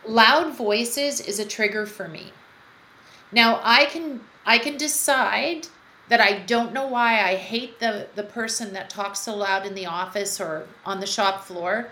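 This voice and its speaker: A woman appears as an interview guest, telling personal stories in an earnest, reflective, conversational way. Her mid-range voice is bright and forceful, with a measured pace. The room adds echo, and there is faint background noise.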